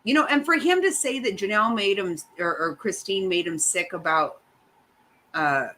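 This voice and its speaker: A woman's voice: medium pitch, moderate pace, a bit bright, slight background noise, rough recording. A middle-aged woman hosting a casual chat, ranting bluntly and swearing often. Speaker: host.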